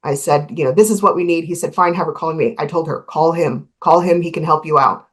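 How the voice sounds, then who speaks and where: A woman's voice: deep voice, fast talker, a bit bright, breathy edge. A woman attorney arguing in a court hearing, matter-of-fact and frustrated.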